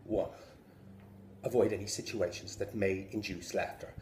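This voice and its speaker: A man from England rehearsing a stand-up routine, telling a profane story with animated delivery. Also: on the low side, moderate pace. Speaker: stand-up comedian. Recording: echoey room, faint hum.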